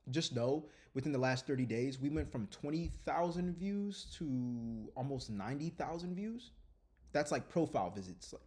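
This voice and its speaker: A man vlogging openly to his viewers, earnest and lively, often repeating his phrases. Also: medium pitch. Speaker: content creator. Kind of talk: candid vlog talk.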